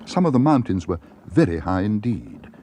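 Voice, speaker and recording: A man narrating a children's storybook with a gentle, expressive reading. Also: on the low side, moderate pace, slight background noise.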